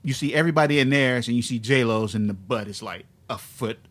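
A man's voice: medium pitch, brisk, fairly bright tone. Stammering man telling stories on a podcast. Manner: storytelling, laughs often, stammers on starts. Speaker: podcast co-host. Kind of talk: casual comedy chat.

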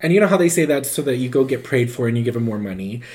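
A man's voice: medium pitch, racing. A man telling a story in casual chat, rambling with lots of "like" and acting out the voices of the people in it. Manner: animated, acts out quoted voices; loose and rambling, full of "like".

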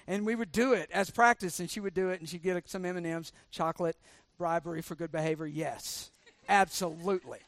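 A man's voice: sits high, brisk, dry recording. A middle-aged man, a pastor preaching a sermon, joking and sarcastic while he quizzes the congregation with questions.

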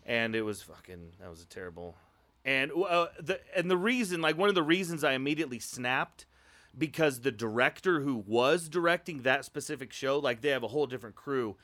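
Casual male storyteller from Iowa, animated, profane, pitch spikes when reliving the panic. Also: a little fast. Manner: animated, swears, voice jumps high when retelling his outburst. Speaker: improv show performer telling a story.

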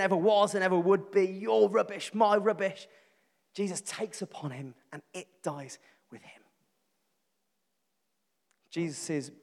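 A man with a Birmingham accent preaching a sermon, telling a funny story about a friend with animated, self-mocking delivery. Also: sits high, in a large hall. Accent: Birmingham English.

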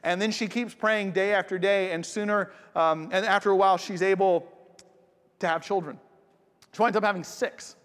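A pastor preaching a sermon, talking conversationally and directly to the congregation. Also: male voice, sits high, fairly even intonation, normal speed, a bit bright, clean tone. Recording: long hall reverb.

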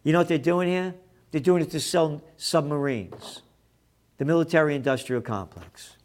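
A man of Italian heritage ranting over news headlines, sarcastic and profane, often shouting. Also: fairly high pitch, moderate pace. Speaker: commentator.

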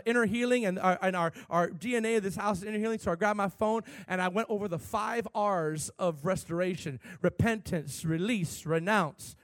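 Pastor guy preaching, pretty high voice, gets loud then drops real quiet, dry close mic. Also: no room sound. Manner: swings from shouted peaks to hushed storytelling. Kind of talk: sermon.

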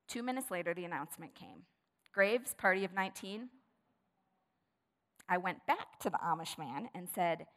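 A woman preaching a sermon, telling a story with animation and then turning hushed and prayerful. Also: lowish voice, big pitch swings, moderate pace, long pauses. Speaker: pastor. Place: church sanctuary. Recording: long reverb of a large hall.

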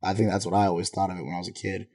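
A man's voice: low-pitched, flat delivery, racing, dark tone. A young man from the Bay Area talking in a loose, laid-back, slangy way in a casual podcast chat. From Bay Area, California.

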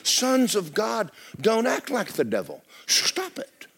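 A man preaching a sermon as pastor, swinging from loud exclamations to hushed, near-whispered lines. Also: high voice, wildly swooping pitch, measured pace, gravelly, breathy edge.

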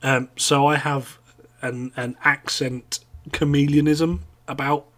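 A man's voice: medium pitch, little pitch movement, slow, fairly bright tone. Rambling, sweary East Anglian man. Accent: East Anglian English. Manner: rambling, sweary, hesitant with many fillers. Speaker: podcast co-host. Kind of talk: casual podcast chat.

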